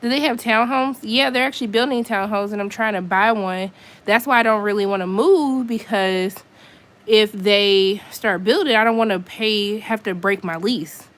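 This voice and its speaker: A woman's voice: mid-range voice, normal speed, fairly bright tone. A woman chatting casually on a live stream from her apartment, venting in an exasperated way with lots of asides. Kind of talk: casual chat to viewers.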